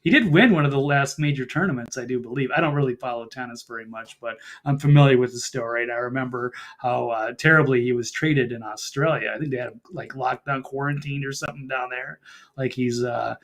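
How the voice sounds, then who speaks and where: A man is a journalist guest on a talk show, his voice mid-pitched and ordinary. He talks casually, pausing on fillers, and his sentences often trail off quietly. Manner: easygoing, hesitant, trailing off often.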